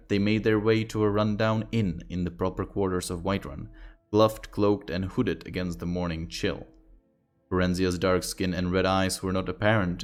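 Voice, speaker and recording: A man with a low voice reads a fantasy book aloud on a stream. His delivery is casual and offhand, and he drops in joking asides between passages. Soft music plays faintly under him. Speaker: streamer reading lore aloud. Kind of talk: casual reading with commentary.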